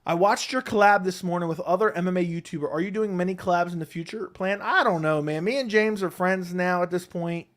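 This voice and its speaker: A man hosts a casual live stream from home, seated close to his desk microphone. He answers viewers' questions one by one in a relaxed, rambling way. His voice sits a bit higher than most men's. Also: brisk, hardly any pauses. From Connecticut, USA. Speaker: MMA YouTube host reading live chat.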